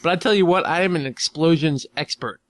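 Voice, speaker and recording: A man's voice: a little high, fairly quick, no room sound. A young man co-hosting a casual gaming podcast, telling stories playfully and teasing the others. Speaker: podcast co-host.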